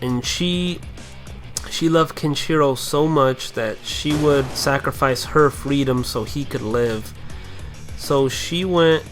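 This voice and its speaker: A young man giving loose, profane gameplay commentary, rambling along and bursting into kung-fu yells. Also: medium pitch, slow pace. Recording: faint game music behind.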